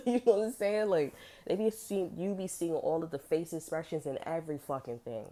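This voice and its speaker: A woman's voice: sits low, moderate pace, dark tone. A woman giving a casual tarot reading, blunt and profane, full of emphatic slang. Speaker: tarot reader.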